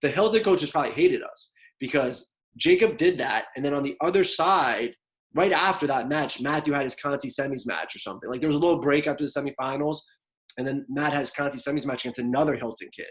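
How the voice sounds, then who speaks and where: Animated New coach telling stories. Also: male voice, mid-range voice, brisk, poor audio. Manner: animated, rambling storyteller with many fillers. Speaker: wrestling coach and podcast co-host. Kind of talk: casual storytelling in a podcast interview.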